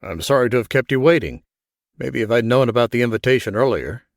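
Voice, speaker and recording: A cocky, wisecracking man held captive, tossing off sarcastic jokes, as an audiobook narrator puts him on. The voice is lifted a little and brighter than the narration, recorded dry and close. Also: mid-range voice, expressive, fast, no echo, close to an everyday voice. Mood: wry. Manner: joking, flippant.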